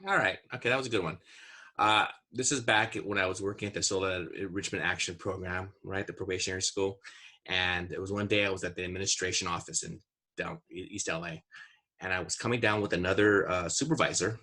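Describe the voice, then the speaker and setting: A man's voice: low-pitched, fairly even intonation, quick pace, sharp tone. A man in his forties, a podcast co-host, telling a story in a casual chat and acting out his own past panic in a raised voice.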